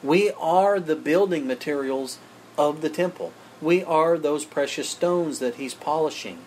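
A man's voice: a little high, unhurried, a little mellow, a little hiss or hum. A man preaching a sermon, speaking emphatically and addressing his listeners as friends.

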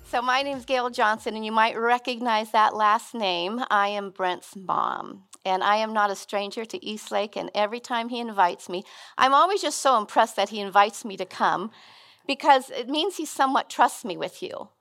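Middle-aged woman, guest preacher, a bit high-pitched, earnest and chatty. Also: moderate pace, fairly bright tone, faint music behind. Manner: conversational, earnest, with frequent restarts. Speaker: guest speaker. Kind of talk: sermon.

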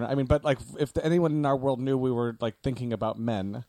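Male podcast guest, rapid speech, hedging fillers, dry close mic. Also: mid-range voice, a little mellow, no room sound. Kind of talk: casual podcast chat.

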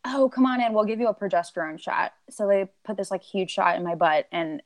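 Here a podcast guest chats at length in a low-leaning voice, a little fast, her talk packed with "like"s and "um"s. She rambles casually and performs lines she recalls saying herself.

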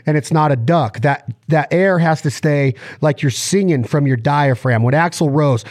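A man co-hosting a podcast, giving an animated, joking explanation of how to blow a duck call, talking from his car. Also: fairly high pitch, moderate pace, hardly any pauses, no echo, studio quality. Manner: animated, demonstrative, jokey. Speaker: podcast co-host and duck caller. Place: driving in a car.

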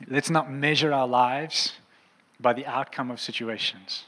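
A man's voice: medium pitch, steady tone, a little slow, fairly bright tone. Earnest male pastor in a reverberant hall. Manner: earnest, impassioned preaching. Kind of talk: sermon. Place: church auditorium.

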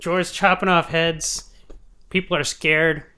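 A man's voice: on the high side, flat delivery, measured pace, sharp tone, slight background noise. A man co-hosting a podcast, telling a show recap as a comedy bit, swearing freely and laughing often. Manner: profane, giggly storytelling. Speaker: podcast co-host.

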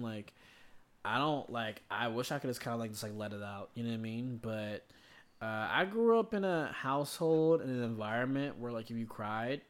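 A man's voice: mid-range voice, a bit bright. A young man reflecting earnestly in a casual podcast chat. His speech is full of fillers. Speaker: podcast co-host.

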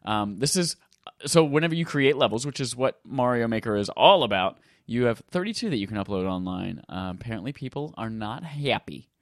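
A man's voice: medium pitch, expressive, fairly quick, dry recording, studio quality. A man hosting a gaming podcast in casual chat, joking and irreverent, with playful asides as he runs through the news. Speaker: podcast host.

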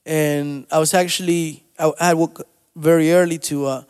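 A male pastor preaching a sermon, moving between soft storytelling asides and loud, rising exhortation. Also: fairly high pitch, fairly even intonation, moderate pace, smooth, in a large hall. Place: church sanctuary.

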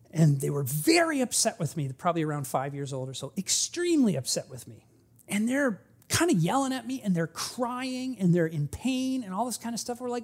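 Pastor preaching with soft-to-loud swings. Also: male voice, on the high side. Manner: conversational preaching that swings between soft asides and loud emphatic peaks. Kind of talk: sermon.

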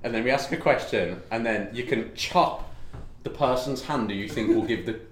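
A man's voice: mid-range voice, moderate pace. A young man co-hosting a podcast in casual chat, rambling, giggling and swearing freely. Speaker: podcast co-host. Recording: echoey room.

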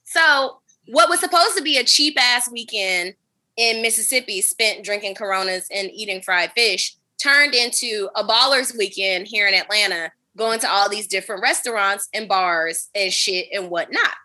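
A woman hosting a casual chat, telling a long story in an animated, profane, dramatic way. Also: mid-range voice, normal speed. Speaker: podcast host.

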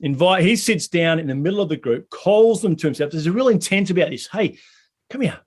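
A man's voice: a little high, fast talker. A man preaching a sermon in a conversational way, asking the congregation many questions. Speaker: pastor.

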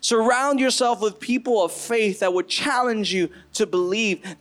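A man's voice: high-pitched, a little slow, hardly any pauses, a bit bright. A man preaching a sermon to his church, earnest and building to impassioned bursts. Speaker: pastor.

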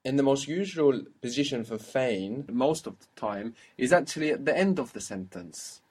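A man leads a one-on-one language lesson at a steady, patient pace. He prompts the learner and praises each answer. His voice sits at an ordinary middle pitch. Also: moderate pace, breathy edge. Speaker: language teacher. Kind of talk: guided spoken language lesson.

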